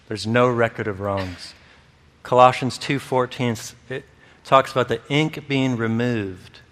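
A man preaching, in a voice of ordinary pitch for a man, telling stories with laughs and acting out the people in them. His voice rings with a long reverb from the hall. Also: a bit bright. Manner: storytelling, acts out quoted voices, laughs often. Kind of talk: sermon.

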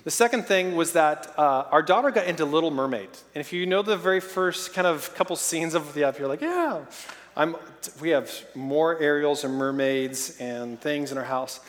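High-voiced preacher man in a reverberant hall. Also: normal speed. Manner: lively, storytelling with playful sound effects. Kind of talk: sermon.

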